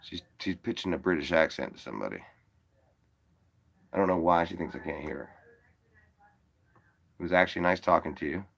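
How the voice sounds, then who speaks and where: A man hosts a live call-in show, rambling casually and swearing a lot as he talks directly to his viewers. His deep voice is brisk, creaky and a bit bright, with long pauses.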